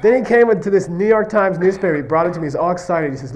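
Man lecturing with a fairly high voice. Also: animated, fast talker, a little mellow. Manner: repeatedly checks understanding with "okay?" and "you see what I mean?"; tells stories, acting out question-and-answer exchanges. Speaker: Buddhist philosophy teacher. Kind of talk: conversational classroom lecture.

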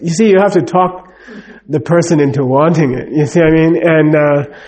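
A man's voice: on the high side, moderate pace, a little mellow. A middle-aged man giving a casual, rambling talk, full of fillers and "you know what I mean". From United States.

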